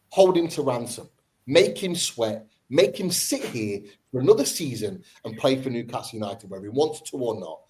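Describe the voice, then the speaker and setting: A man's voice: mid-range voice, a little mellow, poor audio. A man hosting a football fan podcast, debating with passion and repeating his points for emphasis.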